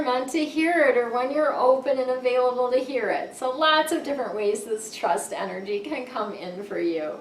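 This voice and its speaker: An upbeat woman with a somewhat high voice reads tarot cards in a casual, encouraging way and keeps asking "right?". She sits back from the mic in a roomy, echoey space with a faint rumble behind her. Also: normal speed, few pauses. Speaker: tarot card reader. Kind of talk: casual monthly tarot reading. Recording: echoey room, mic set far off.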